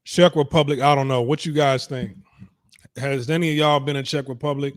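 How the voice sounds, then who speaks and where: A man's voice: medium pitch, fairly even intonation, fairly quick, no echo, studio quality. A young man giving casual reaction commentary as a show host, blunt, profane and dismissive. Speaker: streaming talk show host.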